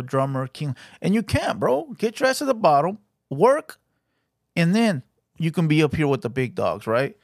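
A man with a Mexican American accent talks fast and with feeling as he comments on clips, often checking in with "right?" and swearing freely. His voice sits a little high, and the sound is close and dry with almost no room echo. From United States. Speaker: commentary host.

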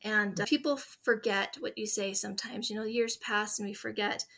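A woman's voice: mid-range voice, little pitch movement, moderate pace, gravelly, fairly bright tone. A woman in her forties, a guest in a conversational interview, telling heartfelt stories in an earnest way.

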